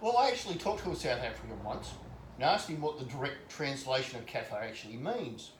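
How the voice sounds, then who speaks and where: A man's voice: medium pitch, expressive, fairly quick, recorded from a distance. An Australian man cracking dry jokes as a co-host in casual drinking banter. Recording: echoey room with faint background noise.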